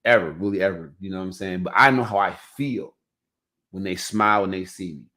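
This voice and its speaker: A man with a lowish voice hosts a laid-back podcast. He rambles through stories in a loose, conversational way and keeps checking in with his listeners. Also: brisk, pushed and bright. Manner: loose, storytelling, heavy on "you know what I'm saying". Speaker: podcast host. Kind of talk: casual podcast chat.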